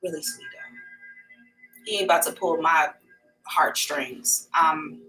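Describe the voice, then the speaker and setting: A woman's voice: deep voice, slow, pushed and bright, faint music behind, low-quality recording. A middle-aged woman hosting a psychic livestream, chatting candidly and calling her viewers y'all. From America. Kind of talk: casual livestream chat.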